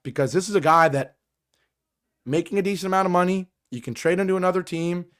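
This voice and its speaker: A man hosting a sports podcast, hoarse and raspy from a cold, delivering emphatic, exasperated commentary. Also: high-pitched, quick pace. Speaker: podcast host.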